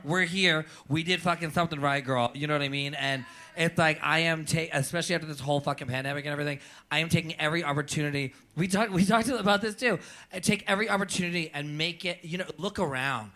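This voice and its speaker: This time the Canadian drag performer speaks with a fairly high pitch, his voice pushed and bright. On the viewing-party panel he stays emotional and casual, cursing frequently and saying things more than once.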